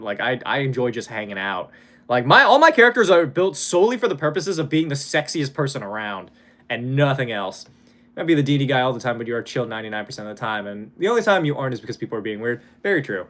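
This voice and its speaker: This is a young man on a livestream, answering chat messages off the cuff. His pitch swings up and down a lot as he talks. He rambles, stops himself mid-phrase and curses easily. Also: fairly bright tone. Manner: rambling, self-interrupting, swears freely, laughs often. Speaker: streamer reading chat.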